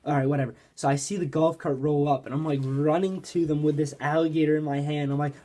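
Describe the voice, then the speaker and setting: A man's voice: fairly high pitch, little pitch movement, fast talker, mellow. A man from Pennsylvania telling a fishing story in a casual, rambling way, saying "like" constantly. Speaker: fishing vlogger.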